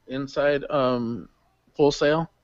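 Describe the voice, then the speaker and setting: A man co-hosting a casual wrestling podcast, excitable and quick to laugh, recapping the show. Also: mid-range voice, no echo. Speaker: podcast co-host. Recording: dull dry home mic.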